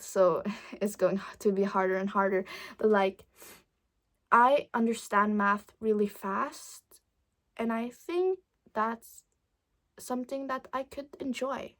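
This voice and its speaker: Teen girl vlogger, slow rambling chat, gravelly and slightly high, lots of restarts. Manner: rambling, hesitant, many fillers and restarts. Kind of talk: casual chat.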